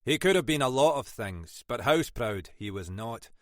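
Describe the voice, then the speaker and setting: A man reading an audiobook, voicing a shrewd older Scottish detective inspector in a dry, probing, quietly commanding manner. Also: medium pitch, expressive, normal speed, no room sound, lightly acted.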